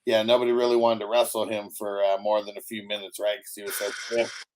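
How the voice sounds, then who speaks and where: A man's voice: on the low side, flat delivery, fairly quick, darkish tone. Man, podcast co-host, casual, swears, laughs a lot. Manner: laughs often, swears, reads out chat comments. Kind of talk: casual chat.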